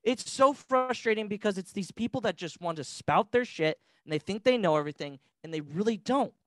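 A man's voice: sits high, animated, brisk, no echo. Brief: male podcast guest, heated and profane, dry close mic. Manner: passionate, ranting, profane. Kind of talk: casual podcast chat.

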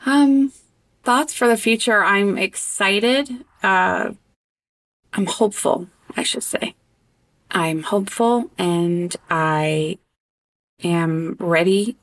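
A woman guest in a casual interview conversation who talks with animated expression and often stops on an um. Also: mid-range voice, slow. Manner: animated and expressive, breaks into laughter; hesitant with frequent ums.

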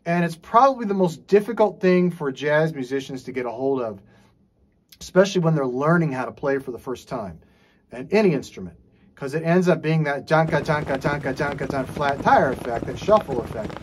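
A man teaching jazz drums in a relaxed, casual way, scat-singing rhythms and checking in with frequent "okay"s. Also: a little high, brisk, slight background noise. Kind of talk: casual instructional talk. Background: drum playing.

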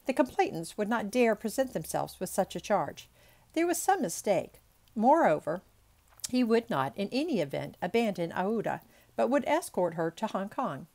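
A woman reads a classic novel aloud in her own plain voice, with a mid-pitched, everyday tone. She breaks off for chatty asides and sometimes trips over hard words. It is a homemade audiobook reading. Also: sing-song, moderate pace, a little mellow. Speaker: audiobook reader. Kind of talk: amateur audiobook narration.

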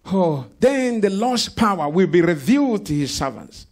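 Gravelly preacher man. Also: high voice, big pitch swings, moderate pace, darkish tone. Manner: preaching with call-outs to the congregation. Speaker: pastor. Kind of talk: sermon. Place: church service.

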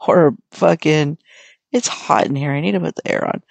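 A woman's voice: low-pitched, a little slow, vocal fry, pauses often, darkish tone, no echo, highs cut off. A young adult American woman hosting her own podcast, talking in a rambling, frank, swear-heavy casual way. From United States. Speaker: podcast host. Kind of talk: casual solo podcast chat.

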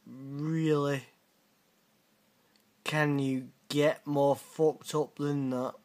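A British man in middle age hosts a casual reaction video, his voice sitting fairly high. He drawls unhurriedly through his points, blunt and sweary, with a teasing edge. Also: little pitch movement, very slow, a little mellow. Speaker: channel host reacting to viewer messages.

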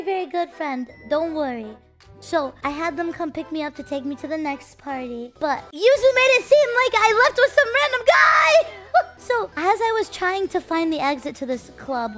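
A young woman streamer tells her viewers a story in a casual, animated way, swinging between loud and hushed and sounding defensive. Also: sits high.

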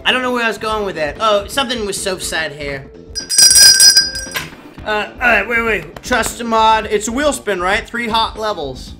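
High-ish voiced dude streaming, swearing a lot, rambly and hyped, loud game music behind. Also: male voice, normal speed. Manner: crude, profane, rambling, excitable. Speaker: live streamer. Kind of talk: casual live-stream chatter to viewers.

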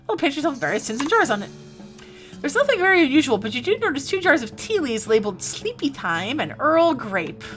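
A woman's voice: high voice, sing-song, brisk, fairly bright tone, soft background music. A young woman streaming a game live, chatting casually and reading game text aloud playfully.

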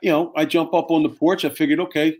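A man's voice: a little high, quick pace. Profane storytelling firefighter man. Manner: animated, profane, acts out voices in his stories. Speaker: fire captain guest. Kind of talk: casual storytelling chat.

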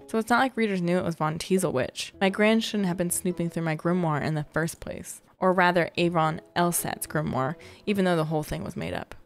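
A woman's voice: lowish voice, natural voice. Woman reading a sassy teen witch girl. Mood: defensive. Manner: sarcastic, dismissive. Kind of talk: reading game dialogue aloud.

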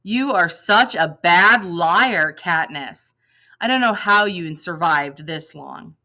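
A woman's voice: on the low side, expressive, takes it slowly, sharp tone, exaggerated voice. Woman doing a dry-teasing wounded young man. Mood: stubborn.

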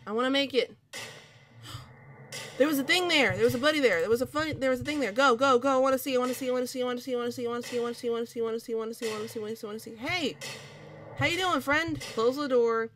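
Young woman, high voice, horror game commentary, profane, jumpy, shrieks at scares, noisy recording. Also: very fast, fairly bright tone. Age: young adult. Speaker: gaming video creator.

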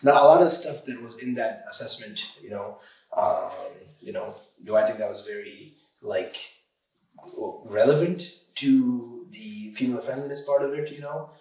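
A man who runs an auto repair shop talks about his business in a podcast interview, his mid-range voice gravelly and darkish at a moderate pace. He's emphatic and animated, often saying "you know" and "literally." A distant mic in a very echoey room gives the recording a roomy sound.

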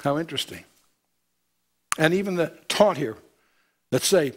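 A man's voice: a little high, expressive, a little slow, pauses often. A man giving a verse-by-verse Bible lecture, reading scripture aloud and breaking in with pointed commentary. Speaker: Bible teacher.

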